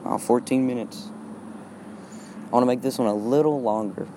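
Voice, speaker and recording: Here a teenage Texan speaks at a medium pitch and normal speed in a rambling, casual podcast monologue. The wind outdoors adds background noise, and his delivery is halting and packed with repeated fillers.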